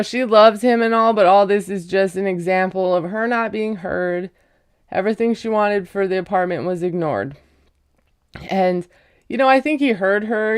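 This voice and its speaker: A woman with a smooth, clear voice chatting through a casual show recap. She talks with a sarcastic, gossipy edge, and her pitch sits in a middle range. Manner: chatty, sarcastic, laughs at own jokes. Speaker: recap vlogger.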